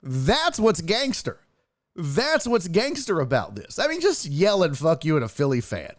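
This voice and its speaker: Animated, excitable man streaming sports talk. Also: sits high, measured pace, no echo, clean studio sound. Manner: profane, excitable, talks to chat. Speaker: sports show host and streamer.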